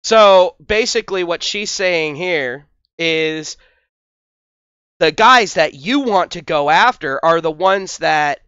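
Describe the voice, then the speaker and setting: A man's voice: a little high, slow, sharp tone, smooth, no echo, muffled recording. A man hosting a commentary video, talking in a crude, scornful, mocking way. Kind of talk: profane reaction commentary.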